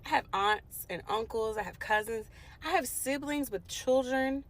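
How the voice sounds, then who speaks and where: A woman's voice: a little high, moderate pace, rough recording. A woman in her late twenties from the Washington DC area, telling a personal story to her viewers in an emphatic, indignant way. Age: late 20s. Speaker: vlogger. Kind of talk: storytime vlog, talking to viewers.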